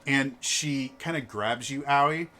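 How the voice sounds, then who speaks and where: A game master narrating a tabletop game in a casual, halting way. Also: mid-range voice, sharp tone, soft background music.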